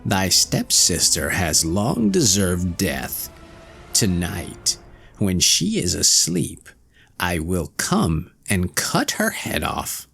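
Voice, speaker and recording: A man voicing a slow, menacing old witch. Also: sits low, huge pitch swings, gravelly, fairly bright tone, faint music behind, heavily acted. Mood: scheming. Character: murderous old stepmother witch, menacing and cunning.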